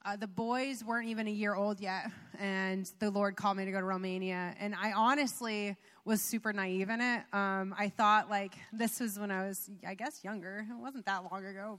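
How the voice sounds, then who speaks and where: A young woman, the pastor's wife, shares a chatty personal testimony during a sermon, full of fillers and little laughs. Her mid-range voice is steady and fairly bright, at a moderate pace. It was recorded in a church sanctuary with the reverb of a church hall.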